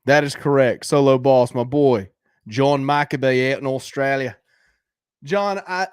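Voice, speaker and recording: Brash male host for casual chat, coaches and swears, average pitch, recorded dry and close. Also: a little slow, clean tone, no room sound. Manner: laughs often, talks straight to viewers. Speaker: host reacting to viewer videos.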